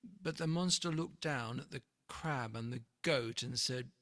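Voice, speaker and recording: A reader telling a rhyming children's picture book in an expressive, rhythmic read-aloud. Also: medium pitch, a little slow, dry recording, studio quality.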